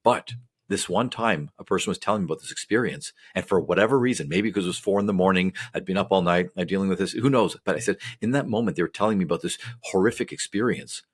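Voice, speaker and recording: A man's voice: low voice, fast talker, slightly rough. A man, a psychologist co-hosting a podcast, explaining in a casual, rambling way with many fillers and tangents.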